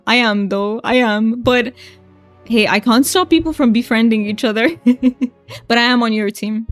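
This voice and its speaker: A woman streaming a game, chatting casually with viewers, giggling often and thanking them. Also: on the high side. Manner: giggly, laughs often between lines. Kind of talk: casual livestream chat.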